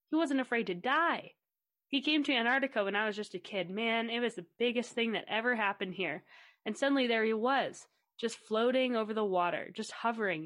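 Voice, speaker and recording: An eager young penguin surfer gushes about his idol, as a woman reads him out. The voice stays fairly high and bright with wonder. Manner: eager, starstruck. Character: excited young male penguin surfer fan.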